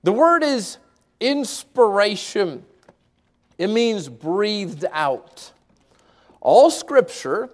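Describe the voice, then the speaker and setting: A man preaching a sermon, emphatic, repeating key words and swinging between fast and slow delivery. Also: high voice, a little mellow.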